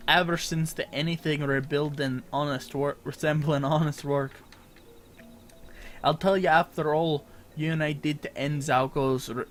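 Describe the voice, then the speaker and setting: A man reading game dialogue aloud as a blunt, rough-talking dockside woman, with loud, stumbling delivery. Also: fairly high pitch, natural voice.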